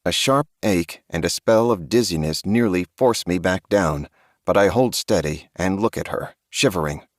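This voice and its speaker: Deep-voiced man narrating a horror audiobook. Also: normal speed, dry recording, studio quality. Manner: grave, tense storytelling.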